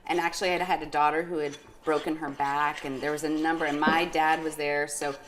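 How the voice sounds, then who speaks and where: A woman's voice: low voice, level tone, brisk, a little hiss or hum. A middle-aged woman chatting casually as she demonstrates a recipe in her home kitchen. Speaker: cooking show host.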